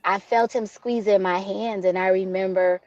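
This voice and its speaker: A woman guest in an interview shares a personal story candidly and from the heart. Her voice sits at an ordinary middle pitch. The recording is dull and lo-fi, with a dry, close sound. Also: steady tone, normal speed, darkish tone, no echo. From Detroit, USA. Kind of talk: interview conversation.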